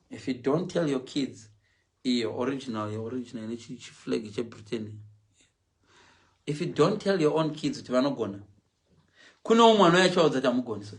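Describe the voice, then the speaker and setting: A middle-aged man from Zimbabwe with a Zimbabwean English accent, telling comic stories on a livestream in an animated way, mimicking other people's voices and laughing along. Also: medium pitch. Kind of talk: animated comic storytelling, switching between Shona and English.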